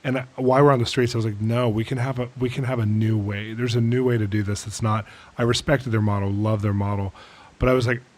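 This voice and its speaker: Male guest, lowish voice, relaxed, quick to joke. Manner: quick reactions and laughter, joking. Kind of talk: casual ministry chat.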